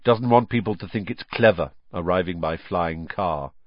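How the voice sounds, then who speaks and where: A man's voice: sits low, normal speed, dry recording, muffled recording, natural voice. A man voicing a cheeky, blunt teenage schoolboy in a storybook reading.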